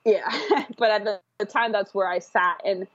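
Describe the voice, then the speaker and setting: A woman's voice: medium pitch, animated, unhurried, a bit bright, no room sound. Woman, podcast guest, casual rambling storyteller, dry and dull-sounding recording. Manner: rambling, with frequent fillers and restarts. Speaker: guest telling her birth story.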